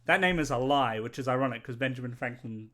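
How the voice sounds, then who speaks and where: A man's voice: medium pitch, quick pace, pushed and bright. A man chatting casually on a livestream, rambling, joking and correcting himself as he goes. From Australia. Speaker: stream co-host.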